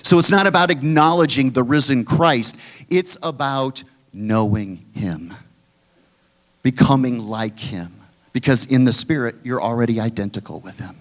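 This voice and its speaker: A middle-aged man preaching a sermon as pastor, pushing phrases up loud and dropping others low and quiet. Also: moderate pace. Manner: emphatic preaching, swinging between loud high pushes and low quiet drops.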